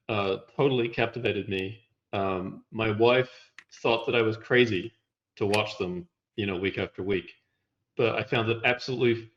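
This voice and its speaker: Measured, wry man presenting slides; lower voice, muffled recording. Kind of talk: casual conversational explanation.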